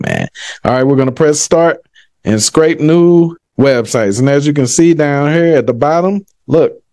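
A man's voice: mid-range voice, mellow. A man running a live online tutorial, chatting with viewers in a hyped, slangy way. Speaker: online business coach.

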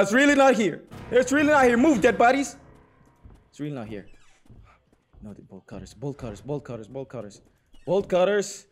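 A hoarse young man commentating a horror game, jittery and repeating himself as he plays. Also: on the high side. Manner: jittery, talks to himself, repeats words rapidly. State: hoarse, sore throat. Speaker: gaming channel host.

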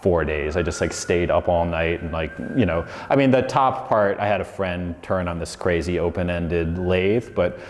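A man's voice: low-pitched, moderate pace, hardly any pauses, slight background noise. A man in his forties telling his story in a casual, rambling lecture, with lots of "like" and "you know". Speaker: designer giving a lecture. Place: lecture hall. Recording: long hall reverb.

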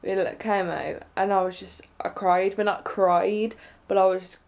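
A young woman vlogging, telling a story in an excited, rambling way with lots of fillers. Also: medium pitch, unhurried, gravelly. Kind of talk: casual storytelling to camera.

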